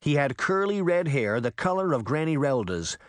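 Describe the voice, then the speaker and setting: Male audiobook narrator, lively pitch, dry close sound, mid voice. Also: moderate pace, dry recording. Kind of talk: scripted narration.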